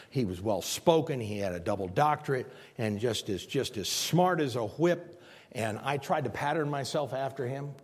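A man's voice: medium pitch, husky, long reverb tail. A man pastor preaching a sermon, telling stories and emphatically repeating his key points.

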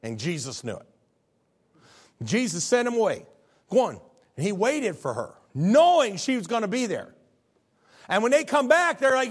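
A middle-aged male pastor delivering a sermon in a relaxed, conversational style. His slightly high voice rises and falls with lively swings as he questions the congregation and acts out the lines he quotes. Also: normal speed, husky.

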